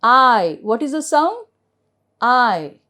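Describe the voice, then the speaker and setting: A woman's voice: fairly high pitch, sing-song, slow, pushed and bright. A middle-aged woman with an Indian accent teaching English phonics to children, spelling each word out letter by letter and answering her own questions.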